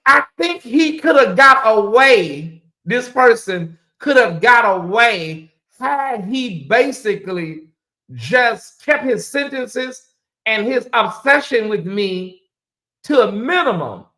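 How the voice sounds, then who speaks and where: Her voice is fairly high and fairly bright, with lively intonation, and she takes her time. On a casual livestream, she rambles loosely, repeats phrases, and talks right to her chat.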